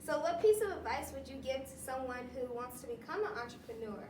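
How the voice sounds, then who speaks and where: A woman's voice: high-pitched, expressive, a little fast, echoey room, recorded from a distance, noisy background. A young woman hosting an interview, polite and respectful, often answering with "yes, ma'am.". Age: young adult. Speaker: interviewer, host. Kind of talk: casual interview chat.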